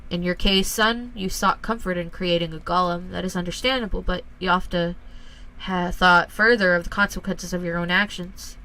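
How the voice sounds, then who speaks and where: A woman voicing a stern middle-aged father who speaks gravely and deliberately, lecturing his son. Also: lowish voice, fairly even intonation, bright, forceful tone, rough recording.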